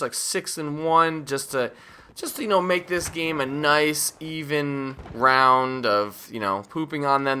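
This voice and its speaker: This is a man voicing casual commentary over a gameplay video. His voice is bright and sharp, and he rambles from thought to thought. He cracks jokes at his own expense. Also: medium pitch, a little hiss or hum. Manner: rambling, jokey, self-mocking; drowsy, yawning at times.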